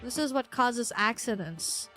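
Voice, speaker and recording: Excitable high-voiced woman streamer. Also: measured pace, over loud music. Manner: excitable, squealing and laughing often. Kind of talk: live game playthrough commentary.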